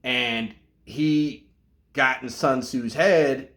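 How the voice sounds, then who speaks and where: Animated man riffing on mastery. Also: mid-range voice, drawn-out words. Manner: animated, digressive, with frequent asides and restarts. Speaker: martial arts commentator. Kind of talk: casual monologue.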